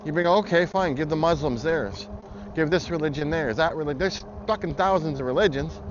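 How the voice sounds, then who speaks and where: A man's voice: fairly high pitch, a little fast. A man vlogging, ranting heatedly and bluntly with plenty of swearing. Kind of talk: angry political rant. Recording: muffled audio with loud traffic noise.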